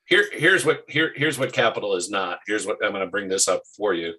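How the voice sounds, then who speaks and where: A man hosting a casual market talk show, animated and quick to restart his sentences. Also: lowish voice, slightly rough, poor audio.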